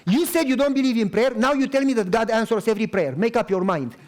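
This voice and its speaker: A man's voice: very high voice, fast, a little mellow. A man voicing a defiant, troubled woman arguing with a pastor.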